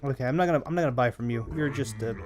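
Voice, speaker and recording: A hoarse man streaming a game, chatting casually with viewers in a rambling, self-correcting way. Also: mid-range voice, very fast, faint music behind. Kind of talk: casual live-stream chat over gameplay.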